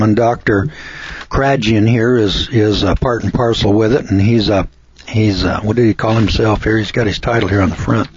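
Emphatic husky man, lo-fi recording. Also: medium pitch. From Missouri, USA. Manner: emphatic, repeats lists of words for stress. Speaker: dairy farmer and presenter. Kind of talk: folksy monologue to camera. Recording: dull lo-fi recording.

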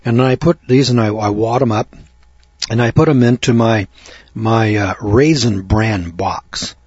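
An older man telling a long folksy story in a rambling talk, with many fillers and throat clearing. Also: fairly low pitch, a little slow, a little mellow, dry recording, lo-fi sound. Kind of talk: rambling spoken monologue.

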